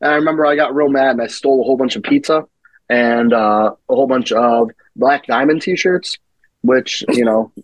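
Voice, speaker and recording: Man, mid pitch, dry close mic, casual chat, animated anecdotes, derailing. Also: normal speed, dry recording, rough recording. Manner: animated anecdote teller who acts out quotes and derails. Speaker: guest wrestler.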